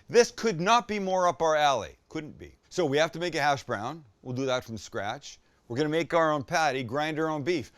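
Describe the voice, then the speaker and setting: A man's voice: on the high side, no echo. Middle-aged male cooking host from Canada, jokey and self-deprecating, dry close mic. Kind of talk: casual cooking demo. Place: home kitchen.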